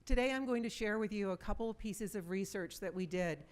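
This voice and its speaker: Clear-voiced woman giving a conference talk. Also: mid-range voice, a little fast. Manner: conversational storytelling, direct questions to the audience. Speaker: conference speaker. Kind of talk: presentation to a live audience.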